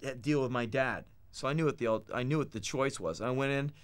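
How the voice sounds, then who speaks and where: A man's voice: medium pitch, a little fast, clear, resonant tone. Blunt American man telling stories. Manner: blunt, animated anecdotes, acts out quoted voices. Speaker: interviewee. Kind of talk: candid storytelling interview.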